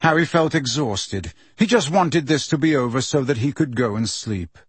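Audiobook narrator, man, steady and husky, dry sound. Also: mid-range voice, normal speed, dry recording. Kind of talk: scripted narration.

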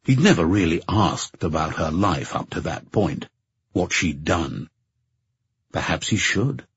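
Male audiobook narrator: low, very husky, measured; dry, muffled recording. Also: dry recording. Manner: measured, even storytelling. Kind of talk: scripted narration.

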